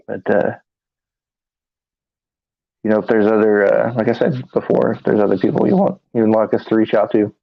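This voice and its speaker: A man co-hosting a live paranormal talk stream, speaking in a halting, tired monotone with many fillers and restarts. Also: lowish voice, creaky, no echo. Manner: monotone, tired from little sleep. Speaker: paranormal investigator and show co-host. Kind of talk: casual live-stream chat. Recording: dry, dull lo-fi stream audio.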